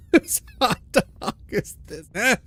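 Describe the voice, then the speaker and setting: A man doing an impression of a tough action star putting on an Italian mobster voice, lips pursed, gruff and demanding. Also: very high voice, very animated, slow, fairly bright tone, no echo, voice pushed up, heavily acted. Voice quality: pursed-lip mumble.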